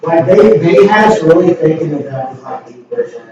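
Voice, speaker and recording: A man's voice: fairly high pitch, lively intonation, brisk, darkish tone, highs cut off, slight background noise. An American man hosting a cooking livestream, chatting casually and rambling with lots of fillers. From United States. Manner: rambling, many "like" fillers, playful accent imitations. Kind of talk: casual chat.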